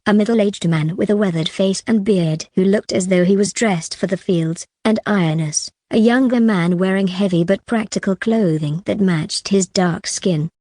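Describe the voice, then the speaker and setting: A woman reading fantasy narration for an audiobook in an even, steady manner. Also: mid-range voice, moderate pace, hardly any pauses, dry recording, clean studio sound.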